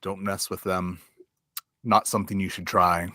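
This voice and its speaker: Man playing tired old giant knight, low weary mutter, bitter and resigned. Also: level tone, normal speed, sharp tone, no room sound, clean studio sound.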